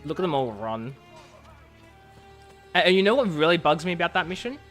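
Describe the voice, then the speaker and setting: A man's voice: a little high, sing-song, a little fast, a bit bright, faint music behind. A man streaming a video game, giving sarcastic, rambling live commentary.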